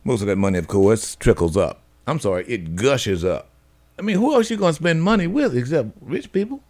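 A male radio host in the middle of an opinionated monologue, his pitch swinging up and down with lively energy. He talks in a folksy, preachy way and drops little laughs between his points. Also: brisk. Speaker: radio talk show host.

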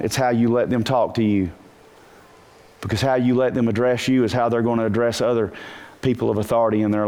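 A man preaching a sermon to a congregation, animated, asking rhetorical questions and breaking into bursts of shouting. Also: mid-range voice. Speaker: pastor.

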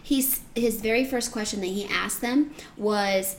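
A woman co-hosting a podcast in casual chat, blunt and joking in quick banter. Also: mid-range voice, a little hiss or hum. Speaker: podcast co-host.

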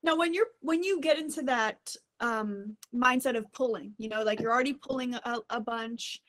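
An empathetic woman hosting a casual interview, asking questions. Her voice sits a little higher than most women's. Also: moderate pace, a bit bright. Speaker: podcast host.

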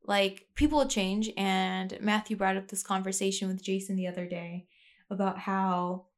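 A young woman hosts her own podcast, speaking off the cuff into a plugged-in mic. She rambles and reflects, circling back through fillers and restarted sentences at a mid pitch. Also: steady tone, normal speed. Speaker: podcast host. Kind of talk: casual personal monologue.

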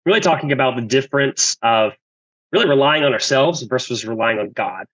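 A man's voice: mid-range voice, expressive, a little fast, a bit bright, muffled recording. A man from Georgia with a clogged throat from a cold, co-hosting a casual church podcast in a laid-back way. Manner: laid-back, many fillers. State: congested from a cold. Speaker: church staff, podcast co-host. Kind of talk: casual chat.

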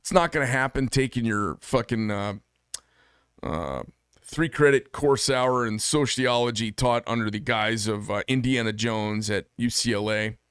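Speaking at a slightly slow pace, this middle-aged American knife maker has a mid-range, fairly bright and smooth voice. He hosts a channel and talks solo to camera in a blunt, combative, profane manner, recorded with studio quality and no echo.

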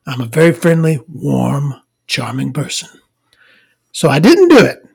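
In a sing-song, unhurried voice with vocal fry and a breathy edge, a woman tells a rambling, profane story as an exasperated rant. Heavy swearing fills it, and she swings between loud outbursts and low mutters.

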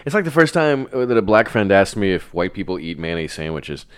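A young man co-hosting a podcast, telling stories animatedly, swearing a lot and acting out quotes loudly. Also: deep voice, big pitch swings, a little fast, clear, resonant tone. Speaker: podcast co-host. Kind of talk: casual podcast chat.

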